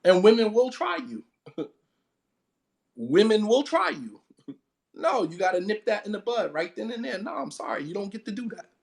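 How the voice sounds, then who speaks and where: A man's voice: high-pitched, sing-song, moderate pace, creaky, pauses often. Male preacher, emphatic sermon delivery, blunt, repeats key lines, laughs between points. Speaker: Islamic preacher. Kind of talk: impassioned sermon.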